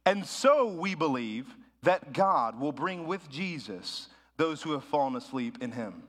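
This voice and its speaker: A man, a pastor, preaching a sermon in a conversational way that rises into animated bursts of emphasis. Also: on the high side, a little slow, long reverb tail.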